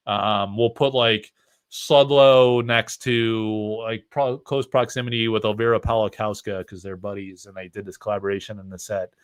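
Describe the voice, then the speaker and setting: A man from upstate New York hosting a card-opening livestream, talking in a loose, rambling way full of fillers. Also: medium pitch. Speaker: host of a card-opening stream. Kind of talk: casual livestream chat.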